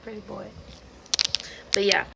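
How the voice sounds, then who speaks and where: A woman casually retelling a webtoon plot to her viewers, animated and swearing freely, acting out the characters' lines. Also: medium pitch, unhurried, creaky, noisy background. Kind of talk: casual storytime rant.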